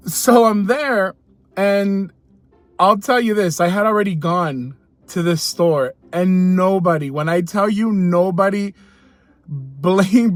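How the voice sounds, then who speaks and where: A man with a high voice tells a story in a loose, chatty way, breaking into laughs and doubling back on his words. The recording is dry and close, with no room sound. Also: no room sound. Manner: chatty, laughs often, repeats himself. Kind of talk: casual storytelling to camera.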